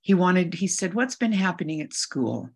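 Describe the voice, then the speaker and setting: Low-voiced middle-aged woman telling an earnest story. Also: big pitch swings, vocal fry, darkish tone, husky. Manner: earnest, measured, with frequent restarts. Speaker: guest speaker. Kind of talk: heartfelt personal storytelling. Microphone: video call.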